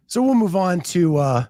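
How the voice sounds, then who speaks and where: A man hosting a casual podcast, chatting in an unhurried way and reading out names and places. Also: high voice, a little mellow, no room sound. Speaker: podcast host. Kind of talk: casual chat.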